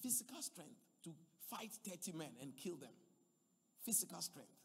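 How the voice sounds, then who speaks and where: A man preaching a sermon, swinging between loud emphatic passages and quiet asides. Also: sits high, sing-song, moderate pace, creaky, breathy edge, in a large hall.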